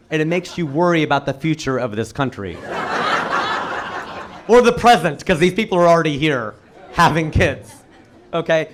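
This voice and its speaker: A man doing a stand-up comedy set for a live audience, firing off quick punchlines with sudden leaps in pitch. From United States. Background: audience laughter.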